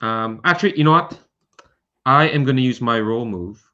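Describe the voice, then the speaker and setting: A man's voice: mid-range voice, expressive, moderate pace, sharp tone. A man playing a tabletop game, describing his character hesitantly with many fillers. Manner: dreamy, hesitant, many likes. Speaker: player. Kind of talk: casual tabletop play. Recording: dull lo-fi mic.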